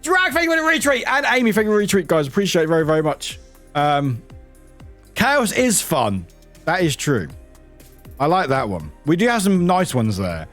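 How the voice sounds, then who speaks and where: A man's voice: sits high, sing-song, normal speed, a bit bright, soft background music. A man streaming a game and chatting casually with viewers, rambling, laughing often and swearing casually.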